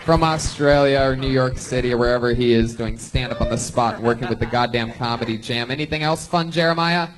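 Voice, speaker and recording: A man in his thirties hosting a live comedy podcast on a club stage, teasing guests with quick, mock-exasperated banter. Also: medium pitch, music in the background. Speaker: host.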